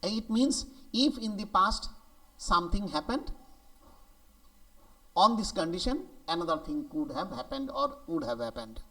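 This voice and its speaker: A male grammar teacher, explaining sentence structures slowly and deliberately, stressing key words. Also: high voice. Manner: slow and deliberate, lively emphasis on key words. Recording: voice a bit distant from the mic.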